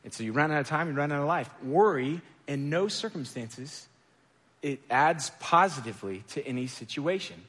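A man with a fairly high, bright voice talks animatedly and a little fast, with few pauses, in an echoey hall with long reverb. His casual sermon is conversational, full of self-deprecating stories about himself and lots of filler words.

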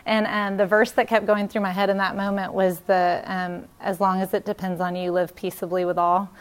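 A woman's voice: medium pitch, little pitch movement, moderate pace, clear, resonant tone. Woman, 30s, earnest chatty parenting speaker, mid voice, casual with fillers. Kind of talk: casual talk with anecdotes.

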